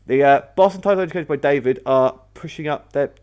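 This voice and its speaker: A man's voice: a little high, brisk, darkish tone, lo-fi sound, a little hiss or hum. A man hosting a casual battle commentary video, rambling and often correcting himself mid-sentence. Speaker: host.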